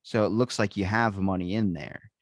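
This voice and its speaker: A man's voice: lowish voice, normal speed, no room sound. A man, a podcast guest, telling stories in casual chat, swearing often and acting out the people he quotes. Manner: animated storyteller, acts out quotes, swears often.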